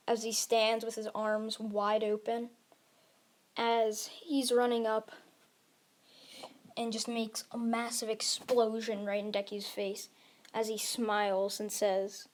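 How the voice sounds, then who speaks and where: A woman's voice: mid-range voice, level tone, a little slow. A woman casually narrating a homemade fan story, rambling and filling her talk with "like", often correcting herself. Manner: rambling, heavy on "like", self-correcting. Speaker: YouTube storyteller.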